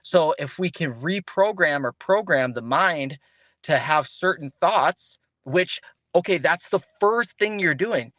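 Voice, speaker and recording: Animated bright-voiced man talking fast. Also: fairly high pitch, no room sound. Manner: animated, restarts sentences, acts out quoted voices. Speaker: podcast guest, fighter. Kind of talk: casual interview talk.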